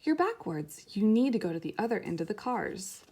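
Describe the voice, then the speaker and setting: A woman voicing Lamb, a small kind toy lamb who speaks softly and soothingly. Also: medium pitch, big pitch swings, fairly quick, a little hiss or hum. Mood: reassuring.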